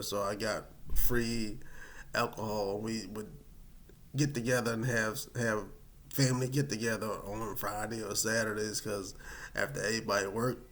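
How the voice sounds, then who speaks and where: A man casually telling a personal story, animated and dramatic, with many fillers. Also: lowish voice, a little hiss or hum.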